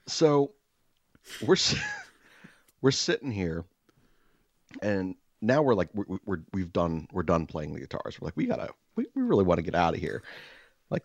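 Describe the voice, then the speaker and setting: A low-voiced man co-hosting a casual podcast who tells stories with lots of lively pitch swings. He jumps into the voices of the people he describes and laughs through the tense parts. The recording is dry and a bit dull. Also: unhurried, gravelly, long pauses, dry recording. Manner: animated storyteller who acts out quoted voices and laughs a lot. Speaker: podcast co-host. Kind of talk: casual storytelling chat.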